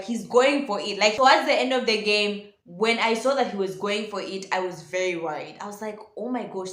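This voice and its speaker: A woman hosting a casual football reaction vlog, talking excitably and addressing her viewers as ladies and gentlemen. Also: fairly high pitch. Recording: echoey room.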